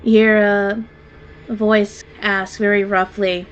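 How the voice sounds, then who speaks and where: Woman gm narrating a tabletop game, slow and casual, swears a lot. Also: medium pitch, level tone, dull audio. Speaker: game master.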